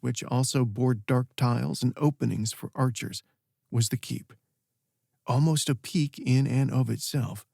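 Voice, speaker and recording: A male audiobook narrator reading fantasy prose in an even, measured way. His voice is dark and gravelly with a husky grain, recorded dry and close. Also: mid-range voice, dry recording.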